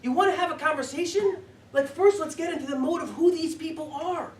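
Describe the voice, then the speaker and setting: A man doing a hushed, reverent teacher. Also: extremely high pitch, brisk, roomy sound, distant mic. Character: solemn, reverent older male religious teacher.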